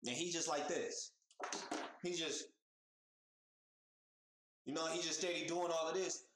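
A man's voice: fairly high pitch, measured pace, roomy sound, poor audio. A man hosting a reaction video, talking in a casual, profane, slang-heavy way, repeating his points with lots of emphasis. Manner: animated, profane, street slang, repeats himself. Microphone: headphones on, desk mic.

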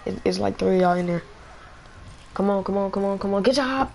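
A man giving live gameplay commentary, excitable, trash-talking in slang and repeating phrases. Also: high-pitched, brisk, creaky, a little hiss or hum. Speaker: gamer.

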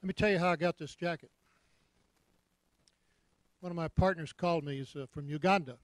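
A man's voice: on the high side, fairly quick, pauses often, dry recording. A man with a Texas accent preaching a folksy sermon as a visiting minister, mixing jokes into an offering appeal. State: hot and sweating.

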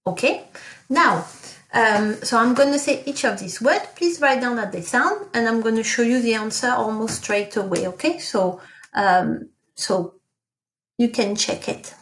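A French teacher records an online language lesson, explaining patiently with fillers and self-corrections. She models French pronunciation slowly and carefully. Her voice is on the high side and fairly bright, heard in an echoey room.

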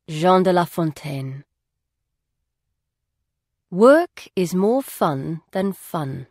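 A woman reading a novel aloud as an audiobook narrator, in an even, measured storytelling voice. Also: fairly low pitch, no room sound. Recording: dry studio.

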